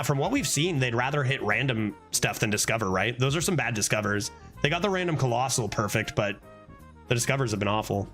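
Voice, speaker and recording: A man streaming a card game, chatting casually, swearing and breaking into laughing outbursts. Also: mid-range voice. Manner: animated, swears often, frequent laughing outbursts. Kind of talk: casual gameplay commentary.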